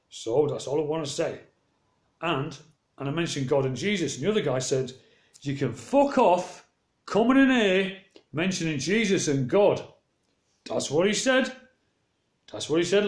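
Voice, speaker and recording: A man's voice: fairly high pitch, roomy sound. A man telling stories from his day in a casual, rambling vlog, acting out both sides of each exchange. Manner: rambling, animated retelling with quoted exchanges. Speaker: vlogger. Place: walking around outdoors.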